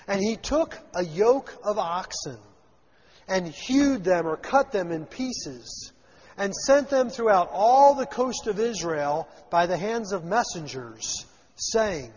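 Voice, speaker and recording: A man's voice: high-pitched, a little mellow, slightly rough. A man teaching a Bible passage verse by verse, reading the old text and then retelling it in everyday words with voiced lines for the people in it. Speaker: preacher teaching scripture. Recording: dull lo-fi sound with long hall reverb.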